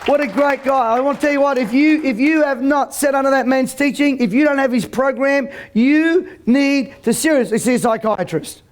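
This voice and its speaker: A man's voice: very high voice, normal speed, few pauses, a little hiss or hum. A man giving a joking, brash motivational seminar to a live audience, stammering into restarts and ordering the crowd about. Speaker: motivational speaker. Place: event hall with live audience.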